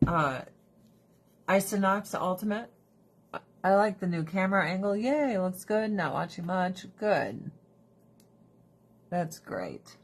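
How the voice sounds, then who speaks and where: A woman's voice: on the low side, expressive, slow, pauses often. A woman ranting bluntly and swearing on a casual livestream while doing her skincare, breaking into laughs between remarks. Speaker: livestream host.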